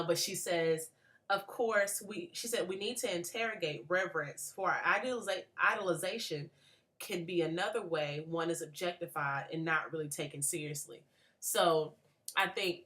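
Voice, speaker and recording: Low-voiced woman in her late twenties. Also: sharp tone. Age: late 20s. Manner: earnest, thoughtful, with frequent restarts and fillers. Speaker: graduate student. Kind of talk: spoken book reflection for a class.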